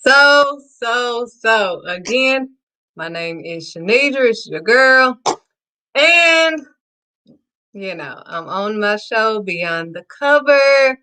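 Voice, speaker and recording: A woman hosting her own faith talk show, excitedly preaching to her viewers and calling them sweetheart. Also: on the high side, takes it slowly. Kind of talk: casual preaching to camera.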